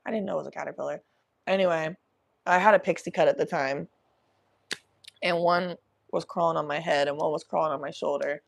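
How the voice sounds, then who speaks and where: A young adult woman hosting a podcast, telling a story in an animated, profane, laughing way. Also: sits low, gravelly. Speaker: podcast host. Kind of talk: casual storytelling.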